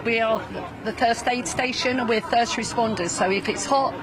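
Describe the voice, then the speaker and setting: A woman's voice: on the high side, normal speed. A woman who runs a local drinks stall, answering a street interview with enthusiasm. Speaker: local business owner. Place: outdoors at a busy regatta. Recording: outdoor crowd noise behind.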